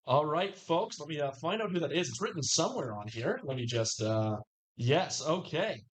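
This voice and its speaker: A man's voice: fairly high pitch, expressive, moderate pace, poor audio. A man hosting a live comedy show, introducing acts while fumbling with his notes. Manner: fumbling with notes, then building to a shouted introduction. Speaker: host. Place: small lounge stage.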